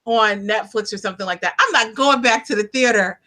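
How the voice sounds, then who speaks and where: A woman interviewing a guest in a loose, chatty way, often laughing and leaving her sentences hanging. Her voice sits fairly high and has a bright, sharp edge. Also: fairly quick. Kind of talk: casual chat about films.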